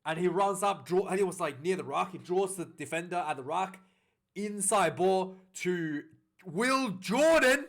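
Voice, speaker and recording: A man recapping a rugby match in a casual, rambling way, getting excited at big plays, with many fillers and restarts. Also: high voice, normal speed. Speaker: rugby reviewer.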